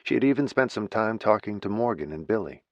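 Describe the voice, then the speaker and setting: A low-pitched man reading a novel aloud, steady and even. The recording is very dry with no room sound. The sound is slightly dull. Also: a little fast, dry recording. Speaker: audiobook narrator. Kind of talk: scripted narration.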